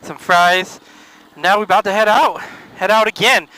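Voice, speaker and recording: Laid-back young guy vlogging, bright voice. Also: high voice, normal speed, rough recording. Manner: laid-back, swears casually. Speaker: motorcycle vlogger. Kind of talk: casual vlog chat.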